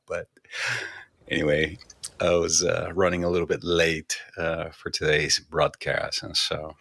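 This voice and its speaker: A man with a very low voice hosts a meditation livestream from a small studio office. He talks in a relaxed, unhurried way and greets viewers one by one. The sound is dry and close. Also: gravelly, breathy edge, no echo. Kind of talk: casual livestream chat. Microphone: studio microphone.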